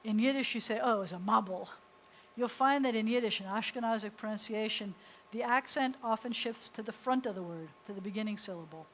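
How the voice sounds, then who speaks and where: A woman's voice: a little high, brisk, poor audio. Chatty American woman teaching a class. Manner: lively, chatty explainer. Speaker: rabbi teaching Hebrew. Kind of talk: classroom lesson. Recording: faint hiss.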